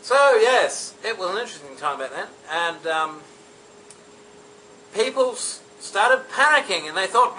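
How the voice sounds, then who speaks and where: A man's voice: high voice, animated, unhurried, pushed and bright. A man telling an absurd mock-history story in a rambling, meandering way, full of ums and asides, recorded from a distance. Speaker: comedic storyteller. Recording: distant mic with faint background noise.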